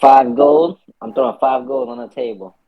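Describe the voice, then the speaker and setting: A man's voice: medium pitch, normal speed. A man playing a tabletop game, talking casually and partly in character, teasing and boisterous. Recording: dull lo-fi mic.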